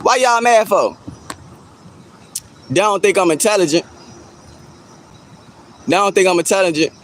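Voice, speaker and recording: Male streamer, high-pitched, mocking and repetitive with chat, outdoors, faint background noise. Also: expressive, a little slow, rough recording. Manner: teasing, laughing at chat, repeats himself. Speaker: livestreamer reacting to chat. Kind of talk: casual livestream chat.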